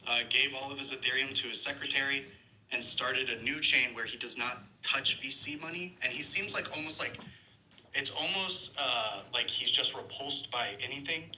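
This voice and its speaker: A man calling in to a live show for the first time, talking in a relaxed, informal way. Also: mid-range voice, normal speed, slight background noise, poor audio. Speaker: caller. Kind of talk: casual call-in chat.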